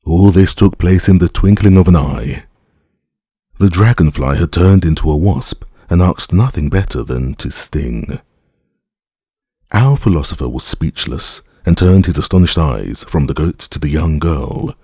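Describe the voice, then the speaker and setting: Deep gravelly guy narrating an audiobook, dark husky voice, dry close sound. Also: animated, a little slow, no room sound.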